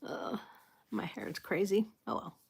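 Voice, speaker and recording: A woman hosting a casual live chat with her viewers, soft-spoken and apologetic, greeting people and laughing often. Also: mid-range voice, unhurried, vocal fry, breathy edge. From United States. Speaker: livestream host.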